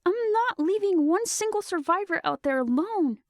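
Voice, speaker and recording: A woman voicing a fierce young female soldier leader who shouts in frantic urgency in a storybook reading. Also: medium pitch, very animated, unhurried, vocal fry, no echo, studio quality.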